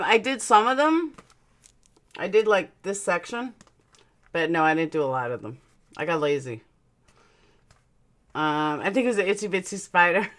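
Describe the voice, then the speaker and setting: This livestream host reads her chat aloud and talks bluntly in a casual stream. Her voice sits on the low side with a fairly bright tone, and dental aligners leave her with a slight lisp.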